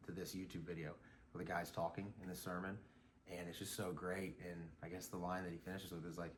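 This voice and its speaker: Deep-voiced man musing in a rambling vlog. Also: flat delivery, fast talker, slight background noise. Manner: rambling, reflective, many fillers and restarts. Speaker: vlogger. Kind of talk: casual talking vlog. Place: outdoors on a morning run.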